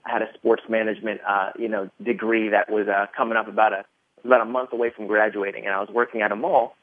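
Speaking quickly in a fairly low voice, a podcast guest in his thirties retells his story in an animated, rambling way full of fillers. There is no echo, and the audio comes through a tinny phone line.

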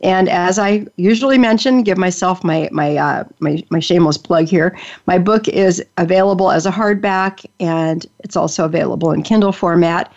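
A woman's voice: lowish voice, moderate pace, darkish tone. An older woman hosting an interview show, chatty and enthusiastic, often restarting her sentences. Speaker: podcast host. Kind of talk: casual interview chat. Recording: dull lo-fi audio.

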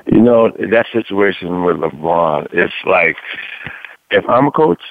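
Radio sports co-host, male, lowish voice, laid-back, thin phone-like sound. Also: animated, gravelly. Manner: conversational, drawn-out, repeats "man". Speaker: sports talk show co-host, former football player. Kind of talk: casual radio sports talk.

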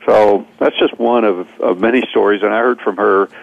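Male guest speaker, low gravelly voice, rambling storyteller, tinny phone line. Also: fairly even intonation, moderate pace, dry recording. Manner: rambling, repeats words, many fillers. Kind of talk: storytelling in conversation.

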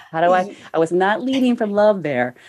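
A woman hosting a conversational show, chatty and quick to laugh. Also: mid-range voice, animated, crowd noise. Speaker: podcast host. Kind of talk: casual conversational interview.

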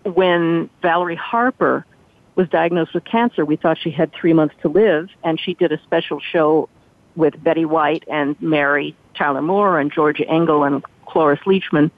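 A woman's voice: deep voice, normal speed, no echo. An older woman, a former entertainment reporter, recounting behind-the-scenes stories as an interview guest and acting out what others said. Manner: animated storyteller who acts out quoted speech. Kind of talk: storytelling interview. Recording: tinny dry phone line.

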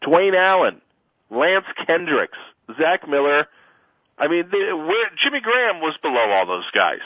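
A man's voice: a little high, big pitch swings, dry recording. Tired man hosting, phone-line sound. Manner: quick, chatty questioning. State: tired, yawning. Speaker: podcast host. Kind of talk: fantasy football chat.

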